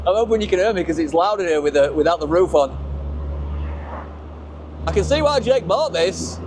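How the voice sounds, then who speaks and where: Car vlogger, high lively voice, exclamatory, heavy wind and engine noise from an open cockpit. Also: male voice, moderate pace, pauses often. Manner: excitable, exclamatory, laughing. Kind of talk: casual driving commentary. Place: open-top sports car on the road.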